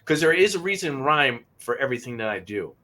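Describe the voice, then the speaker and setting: A man co-hosting a paranormal podcast, telling a personal story in a halting, emotional way and often repeating himself. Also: medium pitch, sing-song, pushed and bright. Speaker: podcast co-host. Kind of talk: casual storytelling.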